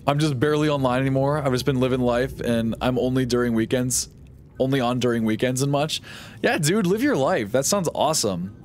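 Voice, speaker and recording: A man's voice: mid-range voice, a little fast. Young guy streamer rambling to chat, sarcastic and jokey, faint background noise. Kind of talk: casual live-stream chat while gaming.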